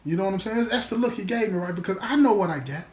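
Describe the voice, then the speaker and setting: A man spins a story from his past in loose, slangy talk, jumping into the other people's lines as he goes. His voice sits a little high for a man. The telling stays casual and lively. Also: fast.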